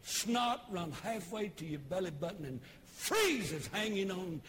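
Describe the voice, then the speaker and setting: A pastor in his sixties with a Tennessee Southern accent, preaching a folksy, humorous sermon with homespun storytelling and sudden shouted bursts. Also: high voice, big pitch swings, unhurried, few pauses, very noisy. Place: church service broadcast on television.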